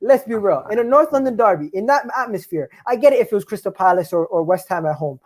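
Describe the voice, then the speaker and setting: A man co-hosting a football chat, talking in a loud, animated way. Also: high-pitched, fast. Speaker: co-host, football fan. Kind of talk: casual chat.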